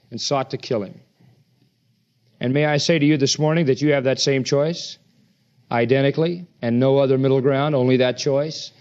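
A man preaching a sermon, emphatic and animated, acting out the quoted voices in his argument. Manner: emphatic, acts out quoted voices with rising pitch. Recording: dull lo-fi sermon recording.

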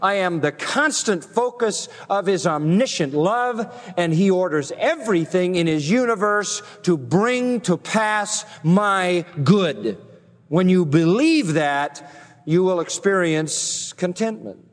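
Emphatic preacher in a reverberant hall. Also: male voice, sits high, animated, takes it slowly. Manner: emphatic preaching, voice climbing on key phrases. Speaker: pastor. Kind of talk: expository sermon.

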